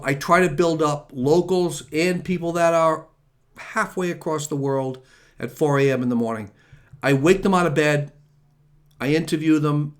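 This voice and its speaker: A middle-aged man hosting a casual talk show, rambling and joking as he signs off. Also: fairly high pitch. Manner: rambling, chatty, jokey. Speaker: host.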